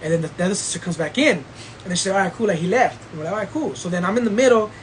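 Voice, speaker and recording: A man's voice: high-pitched, animated, racing, a little hiss or hum, poor audio. A man hosting a podcast, telling a story in casual chat, full of slang and swearing and frequent laughter. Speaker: podcast host.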